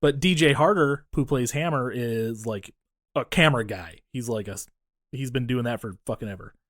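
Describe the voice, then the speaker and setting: Animated, profane podcast co-host. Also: male voice, mid-range voice, moderate pace, no echo, clean studio sound. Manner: animated, profane, acts out movie scenes in voices. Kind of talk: casual movie-review chat.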